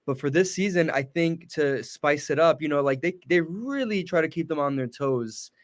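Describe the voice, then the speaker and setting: A man's voice: fairly high pitch, expressive, normal speed. A man who is a guest on a podcast, chatting casually and explaining details with fillers and self-corrections. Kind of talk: casual reaction chat.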